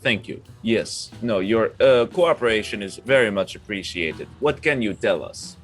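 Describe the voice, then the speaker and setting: A man playing a tabletop game, speaking in a halting, polite way in character. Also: on the low side, expressive, a bit bright, soft background music. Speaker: player.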